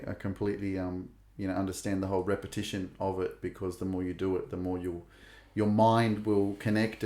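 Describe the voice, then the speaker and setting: A male podcast host with a low voice chats casually with his guest. He asks questions and tells his own stories with enthusiasm, getting animated as he goes.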